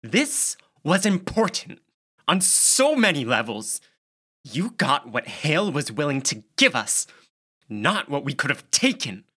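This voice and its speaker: A man's voice: lowish voice, animated, measured pace, bright, forceful tone. A man reading an audiobook, voicing a frustrated young woman whose voice sounds raw as she scolds a newcomer. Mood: scolding. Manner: emotional, strained and scolding. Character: young girl soldier, raw, frustrated and bossy.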